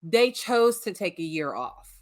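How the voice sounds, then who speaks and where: A woman co-hosting a podcast, chatting casually about a reality show and chiming in with quick reactions. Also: lowish voice, sing-song, no echo, studio quality. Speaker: podcast co-host.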